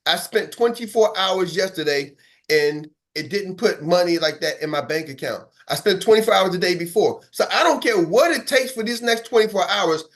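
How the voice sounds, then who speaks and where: Over an online meeting, a man with a high, lively voice and fairly bright tone coaches his sales team at a moderate pace. He's fired-up, emphatic and preachy, repeating points for punch, talking straight to the live group and calling on listeners by name.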